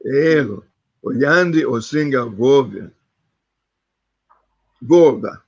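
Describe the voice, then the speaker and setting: A man's voice: medium pitch, expressive, extremely slow, creaky, dry recording. A man practicing sentences in an online language class, careful and asking about pronunciation, over a call microphone. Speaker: student. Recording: dull, dry lo-fi call audio.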